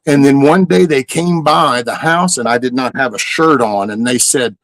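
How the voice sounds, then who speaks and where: A man's voice: medium pitch, normal speed, gravelly, a bit bright, no echo, low-quality recording. A middle-aged man, ranting casually and profanely as host of a live stream. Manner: profane, heated storytelling.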